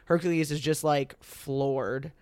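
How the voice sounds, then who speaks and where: A young man recounts a story in a loose, chatty way, slipping into the voices he quotes. His voice is smooth and clear and sits a little high. It is recorded close and dry, with no room sound. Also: slow, no echo. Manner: animated retelling that acts out quoted lines, lots of fillers. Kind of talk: casual storytelling chat.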